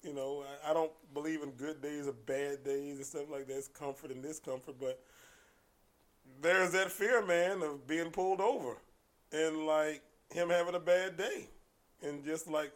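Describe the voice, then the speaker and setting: Animated storytelling man, fairly high voice. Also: moderate pace. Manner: animated storyteller, acts out quoted exchanges, frequent restarts. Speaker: podcast guest, martial arts coach. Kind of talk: casual conversation.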